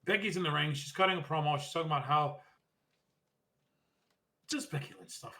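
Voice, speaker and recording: A man's voice: a little high, pushed and bright. A man co-hosting a podcast, recapping a wrestling show in casual chat, rambling and quoting the wrestlers. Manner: rambling recap, quick asides, mock-quotes wrestlers. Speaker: podcast co-host.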